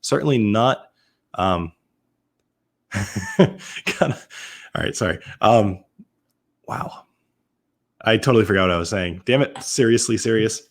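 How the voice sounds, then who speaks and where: A man from Massachusetts hosts a relaxed live-stream tasting in a fairly low voice. He talks loosely and chattily, trips over words, and corrects himself mid-sentence while answering viewers. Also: slow pace, long pauses. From Massachusetts, USA. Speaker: whiskey reviewer hosting a live stream.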